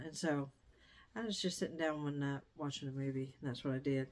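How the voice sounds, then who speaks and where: A woman's voice: sits low, fairly even intonation, a little fast, slight background noise. A middle-aged woman chatting casually in a home vlog, wandering off topic and coming back. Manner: chatty, digressive. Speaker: vlogger. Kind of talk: casual chat. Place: dining room used as sewing room.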